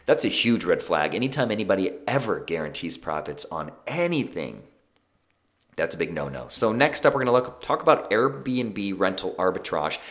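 A man's voice: low voice, sing-song, moderate pace, fairly bright tone. A man hosting a solo podcast, talking casually with frequent fillers and self-corrections. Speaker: podcast host.

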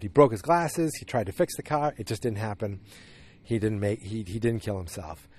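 A man with a fairly low voice talks through an episode recap like casual chat. He wanders, restarts his sentences and fills the gaps with ums. It sounds like a relaxed solo podcast host. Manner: meandering retelling with frequent restarts and fillers.

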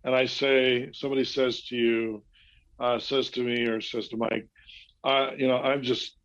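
A man's voice: mid-range voice, little pitch movement, normal speed, fairly bright tone, dull audio. A man talking in a casual discussion who often adds short agreements and acts out how a client speaks.

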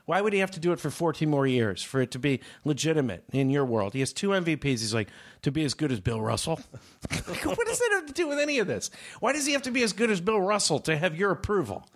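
A man casually telling a story in a chat, animated, acting out both sides of an argument. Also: fairly high pitch, fast.

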